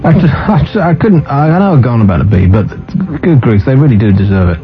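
A man hosting talk radio in a sardonic, ranting way, his pitch swooping up and down as he mocks things. The sound is a bit muffled, like an old radio broadcast. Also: expressive, a little fast, faint music behind. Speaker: radio talk show host. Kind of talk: casual on-air banter.

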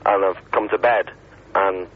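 A man calling a radio show from his bedroom, rambling and hesitant with many pauses. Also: deep voice, fairly even intonation. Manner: rambling and hesitant, lots of ums. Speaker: caller. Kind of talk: casual phone chat. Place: bedroom at home. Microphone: telephone. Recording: tinny phone line with faint hiss.

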